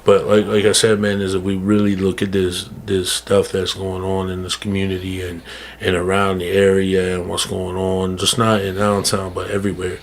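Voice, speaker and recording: A man's voice: deep voice, completely flat delivery, moderate pace, slight background noise. A man speaking earnestly as a podcast guest, casual and emphatic, often repeating words and calling people "bro.". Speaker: guest speaker on mental health. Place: podcast studio.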